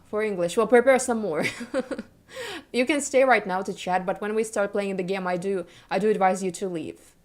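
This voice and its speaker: A young woman chatting to her live stream audience in a loose, rambling way. She giggles often, trails off and restarts her sentences while she talks. Her voice sits at an ordinary pitch for a woman. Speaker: VTuber streamer. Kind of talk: casual chat with live stream viewers.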